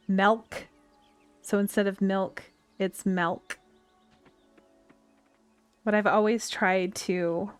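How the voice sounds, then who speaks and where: A woman's voice: medium pitch, smooth, no echo. Woman streamer, Western US twang, rambling and chatty, faint music behind. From United States. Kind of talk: casual chat while playing a game. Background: faint game music.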